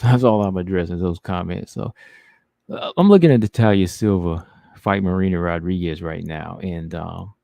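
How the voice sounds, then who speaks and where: Reading his chat aloud, a livestream host responds to viewers in a relaxed, casual way. His voice is deep, creaky and mellow, with no echo.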